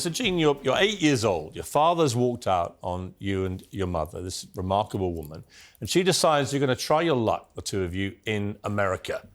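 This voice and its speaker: A man in his fifties hosting a television interview, leading with brisk questions and laughing asides. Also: medium pitch. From England. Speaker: talk show host.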